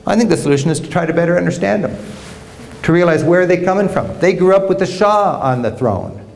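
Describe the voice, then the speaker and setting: A man's voice: high-pitched, fairly quick, creaky. A middle-aged American man giving a public travel lecture, telling stories with humor. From United States. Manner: animated storytelling with humor. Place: lecture hall with audience.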